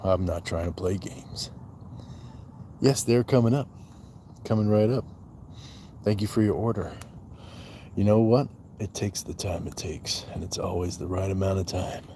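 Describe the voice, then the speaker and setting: Speaking low, a little slowly, and with frequent pauses, a man with a mellow voice hosts a casual livestream against slight background noise. He's jokey, greets viewers by name, reads out chat comments, and counts push-ups as he does them.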